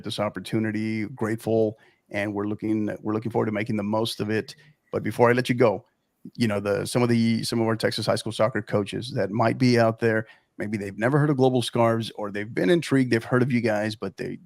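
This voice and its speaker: A man hosting a casual podcast, friendly and upbeat, teasing his guests now and then. His voice sits a little low, and the sound is dry and close to the mic. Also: fairly even intonation, fairly quick, gravelly, no room sound. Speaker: podcast host.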